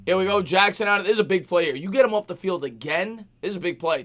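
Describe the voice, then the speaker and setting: A man hosting a sports reaction livestream, calling plays with excitement and reading viewer donations aloud. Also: high-pitched, fast talker, few pauses. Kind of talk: excited live play-by-play and chat.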